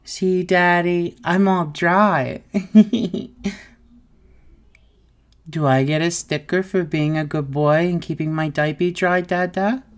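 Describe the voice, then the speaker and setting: A woman's voice: lowish voice, slow, pauses often. A woman voicing an adult who plays a clingy, stubborn childlike little boy in an audio role-play, whiny, pleading and giggly. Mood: cuddly.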